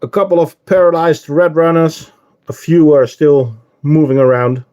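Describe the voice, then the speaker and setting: A man's voice: fairly high pitch, fairly even intonation, normal speed, warm tone. A man with a Dutch accent, chatting casually with live-stream viewers while showing his ant colonies, with frequent ums. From Netherlands.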